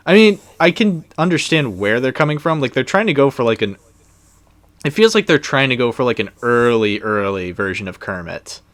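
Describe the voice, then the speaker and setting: A man's voice: medium pitch, animated, moderate pace, fairly bright tone, no room sound. A young man co-hosting a casual movie commentary, talking in a loose, rambling way with lots of fillers. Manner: rambling, loose, with many fillers and trailing sentences.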